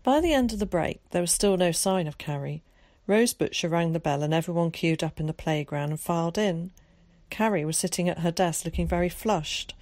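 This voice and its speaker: A woman narrates a children's storybook in a steady, measured reading voice that sits on the lower side. She shifts into character voices when people speak. The recording is close and dry, with no room sound. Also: no room sound. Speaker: audiobook narrator.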